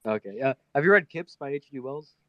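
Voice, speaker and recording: A man's voice: mid-range voice, animated, fairly quick, no echo. A man calling into a casual chat on earbuds, rambling with lots of fillers and restarts. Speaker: caller, guest. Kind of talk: casual chat over a call. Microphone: AirPods on a call. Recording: dull lo-fi call audio.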